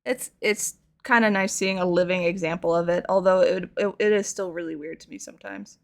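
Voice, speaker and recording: A woman's voice: lowish voice, a little fast. A young woman chatting casually and playfully while painting figures on stream, rambling through stories. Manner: rambling, playful, animated storytelling. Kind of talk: casual chat while crafting.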